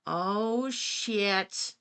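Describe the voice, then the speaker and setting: A woman's voice: medium pitch, extremely slow, a bit bright, clean tone. An English-speaking woman doing blunt, sarcastic live-stream reaction commentary, swearing freely. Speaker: streamer reacting to another creator.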